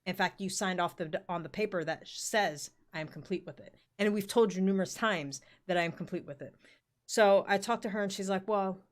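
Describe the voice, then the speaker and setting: A woman's voice: mid-range voice, fairly quick. A woman in her forties telling a rambling work story in casual chat, full of fillers and the odd swear word. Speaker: podcast co-host.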